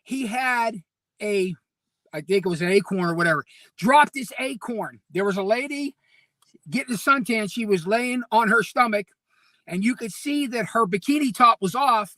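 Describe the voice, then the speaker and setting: A man's voice: high voice, moderate pace, dry recording. A man co-hosting a casual talk show, telling long stories with lots of laughter and animation. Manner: animated storyteller, laughs often. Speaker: co-host and DJ. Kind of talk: casual chat.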